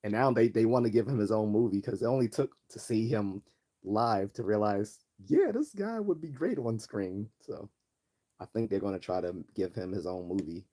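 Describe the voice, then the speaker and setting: A man's voice: fairly low pitch, fairly even intonation, a little fast, warm tone. A man from Baltimore hosting a casual livestream, reading chat comments aloud and rambling with many fillers and restarts. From Baltimore, US East Coast. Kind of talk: casual live-stream chat.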